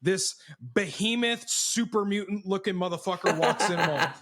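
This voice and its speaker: A young man with a notably high voice, cursing freely as he tells animated stories on a podcast. The sound is dry and close-miked, and he acts out every quoted line. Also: normal speed, dry recording. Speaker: podcast co-host. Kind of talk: casual storytelling chat.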